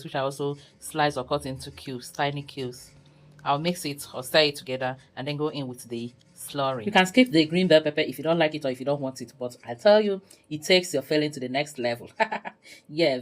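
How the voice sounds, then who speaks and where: Low-voiced woman teaching a cooking recipe. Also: rough recording. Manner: chatty, laughs often, talks viewers through each step. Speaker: cooking channel host. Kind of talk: casual cooking tutorial narration.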